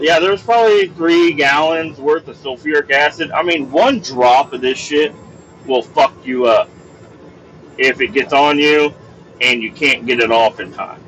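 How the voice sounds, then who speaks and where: A man's voice: medium pitch, dull audio, a little hiss or hum. A man telling a work story as a podcast host, casual and profane, acting out what people said. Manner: profane, animated storytelling, acts out quoted dialogue.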